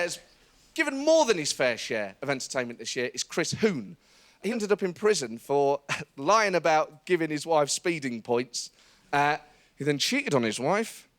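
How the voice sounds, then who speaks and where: A man hosting a comedy show, delivering a mocking stand-up monologue. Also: high-pitched. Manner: animated, mocking, laughing asides. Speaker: comedian host.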